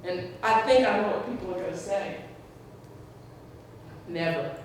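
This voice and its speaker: A woman's voice: fairly low pitch, a little slow, recorded from a distance, a little hiss or hum. Woman telling stories in an echoey hall. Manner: animated, acts out quoted voices, laughs often. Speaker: speaker at a memorial tribute. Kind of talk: personal storytelling to a gathering. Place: large hall at a community gathering.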